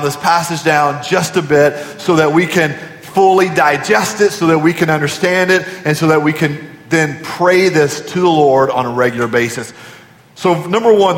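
A man's voice: fairly high pitch, a bit bright. A man preaching a sermon as pastor in a large church auditorium, with repeated phrases and rhetorical questions. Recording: echoey hall from a distance.

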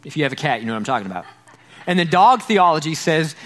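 A man's voice: a little high, very animated, fast talker, fairly bright tone. A man preaching a sermon as pastor, earnest, repeating key phrases and tripping over repeated words.

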